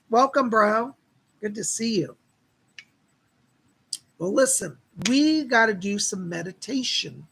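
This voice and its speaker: A psychic reader hosts a live stream, chatting casually with viewers in a folksy, friendly way and greeting people by name. His voice sits high and a bit bright but has a gravelly fry, sounding husky, strained and tired, as if worn out from talking.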